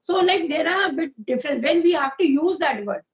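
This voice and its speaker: A woman's voice: high-pitched, expressive, a little fast. A woman with an Indian accent who explains her points in an agreeable way during a casual conversation, saying "yes" and "you know" often. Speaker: guest speaker. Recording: muffled lo-fi audio.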